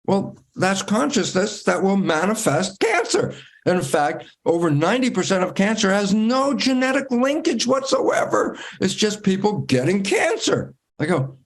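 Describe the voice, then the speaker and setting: A man, a guest in an interview, telling stories in a lively way and acting out his own inner dialogue with big swings in pitch. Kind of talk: conversational storytelling.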